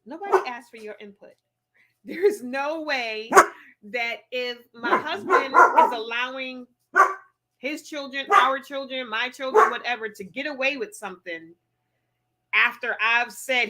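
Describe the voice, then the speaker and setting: A middle-aged woman co-hosting a casual chat, telling a story in an animated, emphatic way. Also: on the high side, a little slow, noisy background. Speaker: podcast co-host.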